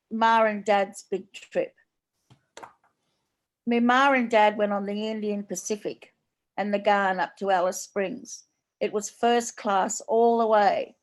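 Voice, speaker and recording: A woman from Australia with an Australian accent, an author reading her own short story aloud in slangy, unhurried storytelling. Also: medium pitch.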